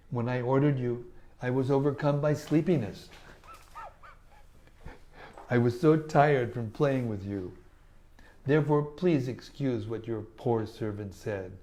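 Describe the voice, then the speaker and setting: A man's voice: medium pitch, unhurried, pauses often, warm tone, lightly acted. A man reading aloud the lines of a humble, lovesick young woman begging forgiveness, in an earnest, slightly raised voice.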